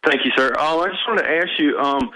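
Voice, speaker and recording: A man's voice: fairly high pitch, fairly quick, pushed and bright, rough recording. A man calling in to a radio show, talking hesitantly with many fillers. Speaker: caller. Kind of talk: casual call-in chat.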